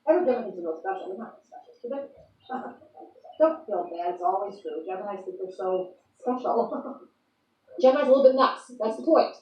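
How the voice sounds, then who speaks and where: A woman's voice: mid-range voice, lively intonation, fairly quick. A woman rambling playfully through an improvised monologue in the persona of a star sign, amused by herself. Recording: echoey room, from far off, dull lo-fi sound, faint noise.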